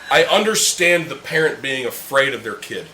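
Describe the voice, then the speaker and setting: A young podcast host rants heatedly and swears constantly over beers with friends in a casual room chat. His medium-pitched voice is animated, bright and forceful at a moderate pace. The room is echoey, with faint ambient noise.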